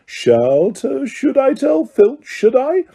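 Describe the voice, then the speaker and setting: A man's voice: extremely high pitch, wildly swooping pitch, slow pace, gravelly, mellow, slightly rough, voice pushed up, heavily acted. Man doing a cackling sing-song poltergeist. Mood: gleeful taunting. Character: cackling mischievous male poltergeist.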